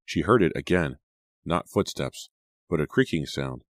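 A man with an extremely deep, low voice reads a horror story aloud, measured and suspenseful. The sound is dry and close, with no room around it. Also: expressive, no echo. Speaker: audiobook narrator. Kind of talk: scripted horror narration.

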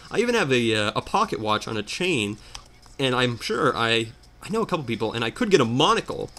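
Animated man ranting over gameplay. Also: mid-range voice, brisk. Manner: animated, exasperated ranting storyteller. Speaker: let's player. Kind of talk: casual gameplay commentary.

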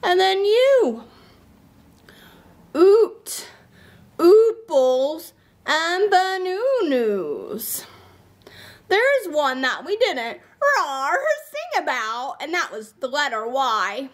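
A woman voicing a playful young dinosaur who sings and roars, teaching children in a sing-song, drawn-out way. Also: high voice, sing-song, full character voice. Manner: sing-song, stretches vowels, drawn-out words. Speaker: children's puppet show host. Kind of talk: children's sing-along lesson.

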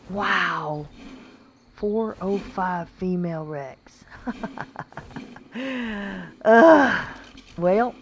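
A woman giving casual, chatty gameplay commentary, talking to the creatures on screen and laughing often. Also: fairly low pitch. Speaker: gaming channel host.

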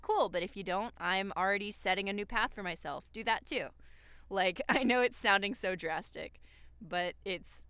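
A woman's voice: lowish voice, sharp tone, clean tone, no echo. A woman from Alabama co-hosting a podcast, giving earnest, rambling advice with lots of "like" fillers. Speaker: podcast co-host. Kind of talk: casual advice chat.

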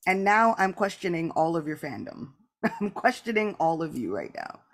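On her candid spiritual podcast, the host speaks at a moderate pace in a deep, sing-song voice. She comes across as earnest and reflective, uses "like" casually and often, and frequently reenacts both sides of past conversations.

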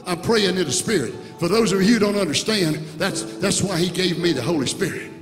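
A bishop preaching an impassioned sermon in a church sanctuary, swinging between soft words and shouts. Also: male voice, high voice, a little fast. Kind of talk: Pentecostal sermon. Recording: reverberant church hall with music.

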